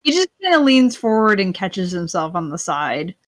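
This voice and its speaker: A woman's voice: medium pitch, sing-song, moderate pace. Chatty woman, casual stream talk. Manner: chatty, fills her speech with "like". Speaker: livestream co-host. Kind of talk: casual livestream chat.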